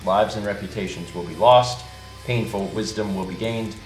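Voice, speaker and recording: A relaxed man with a somewhat low voice walks friends through how a game works, patient and chatty. The room around him is echoey. Soft music sits in the background. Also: moderate pace. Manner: easygoing, explains patiently. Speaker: streamer host reading game rules. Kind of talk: casual chat and reading rules aloud.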